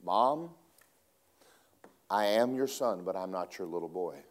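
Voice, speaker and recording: A man quoting Jesus in a lowered, hushed sermon voice. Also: animated, measured pace. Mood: resolute. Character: young Jesus speaking firmly to his mother.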